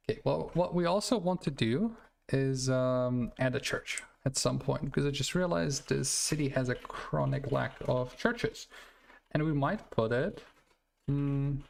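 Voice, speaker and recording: Gravelly young man rambling over a game. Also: mid-range voice. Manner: rambling, self-correcting, laughs at himself. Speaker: streamer. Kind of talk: casual gameplay commentary.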